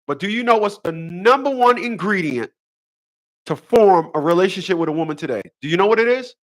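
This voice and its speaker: A man's voice: high-pitched, expressive, a little fast. A man hosting a relationship advice show, delivering a preachy solo monologue full of repeated rhetorical questions and emphatic short phrases.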